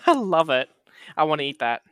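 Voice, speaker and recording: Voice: medium pitch, very animated, normal speed, fairly bright tone, no echo, clean studio sound. A podcast co-host in casual chat, bantering in a teasing, mock-indignant way.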